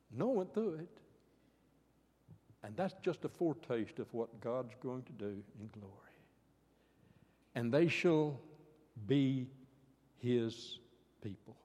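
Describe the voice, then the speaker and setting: An older man preaching a sermon in an earnest way. His voice rises to fervent pleas and then drops soft. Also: mid-range voice, slightly rough. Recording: long hall reverb.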